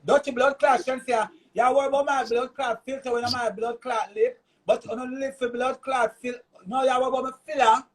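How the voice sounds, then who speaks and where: Jamaican man, very high-pitched, ranting hard on a live stream with constant cursing. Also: fairly even intonation, brisk, hardly any pauses. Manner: loud, cursing, repeats himself. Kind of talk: heated live-stream rant.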